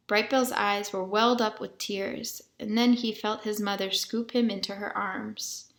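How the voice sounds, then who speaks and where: A woman's voice: medium pitch, fairly even intonation, measured pace, gravelly. Woman reading a children's novel aloud. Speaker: narrator.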